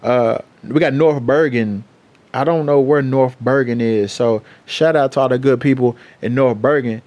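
A young man hosting his own podcast, chatting casually in a loose, profane, rambling way as he gives shout-outs. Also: medium pitch, moderate pace. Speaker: podcast host. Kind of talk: casual solo podcast chat.

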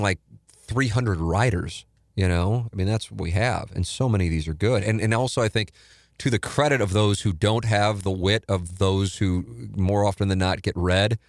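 Low-voiced and speaking in a clean, echo-free studio, this middle-aged radio show host rambles candidly through reflective podcast talk, often correcting himself.

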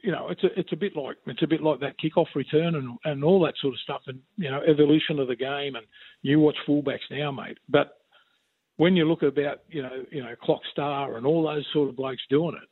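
A man's voice: fairly high pitch, fairly quick, breathy edge, no echo, narrow, tinny audio. An Australian man in his sixties, a former player, chatting on sports radio in a rambling, storytelling way full of restarts. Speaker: former player and regular pundit. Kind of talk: casual sports radio chat.

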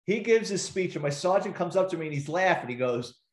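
A middle-aged man, a retired police detective, tells story after story in a relaxed, chatty way. He acts out the other people's lines as he goes and swears casually. His voice sits a little high, and the room around him rings with echo. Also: a little fast. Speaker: interview guest, retired police detective and author. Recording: roomy echo.

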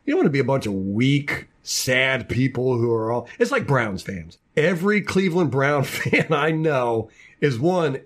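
A man's voice: medium pitch, very animated, a little slow. A man hosting a casual sports podcast, ranting with lots of repeated words and restarts. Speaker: podcast host.

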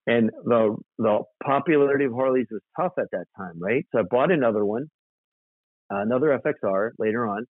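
A man's voice: medium pitch, brisk, slightly rough, no echo. Man telling stories over a tinny line. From South Dakota. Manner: animated, rambling storyteller with fillers. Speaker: guest, custom motorcycle builder. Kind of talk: casual storytelling interview. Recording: tinny dry phone-like line.

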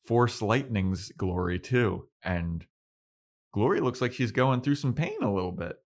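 Laid-back man with a lowish voice. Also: lively intonation, a little slow. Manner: laid-back, swears freely, acts out characters' lines. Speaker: podcast co-host. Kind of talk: casual chat recapping a TV episode.

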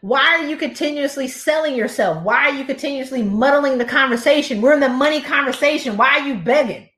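Woman guest coach, preacher-like animated delivery, echoey room sound. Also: high-pitched, fairly quick. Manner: animated, acts out dialogues, preacher-like cadence. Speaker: guest coach on pay negotiation. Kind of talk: lively conversational advice on a live stream.

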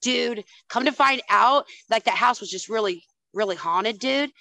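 In a casual chat, a woman podcast guest tells her stories with lively energy, swearing freely and dropping "honey" and "dude" every few words. Her voice is slightly higher than average for a woman, at a moderate pace. The rough recording is dry and close, with almost no room around it.

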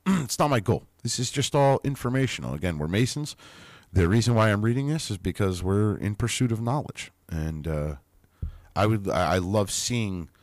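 A man's voice: on the low side, a little mellow, no room sound, studio quality. A man hosting a podcast, reading an old text aloud and breaking off into casual, chatty commentary with mild swearing.

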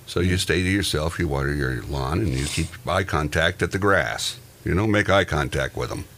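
A man with a very deep voice reads quirky news items aloud. He turns them into casual, joking banter with his co-host. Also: normal speed, a bit bright, a little hiss or hum. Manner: reads odd news items then jokes about them.

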